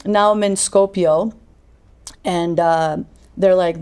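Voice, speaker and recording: A woman's voice: steady tone, slow, pauses often, a little mellow, smooth. Woman from Albania telling a vivid story. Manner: vivid storyteller who acts out quoted voices, her pitch rising as she quotes. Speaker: guest. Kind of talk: personal storytelling in a podcast interview.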